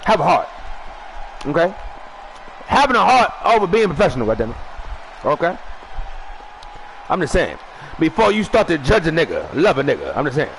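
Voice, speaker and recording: A man hosting a wrestling show, shouting a rambling profane comic monologue, stuttering at times and eating while he talks. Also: a little high, huge pitch swings, moderate pace, creaky, long pauses, slight background noise, low-quality recording. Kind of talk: loud profane comedic monologue.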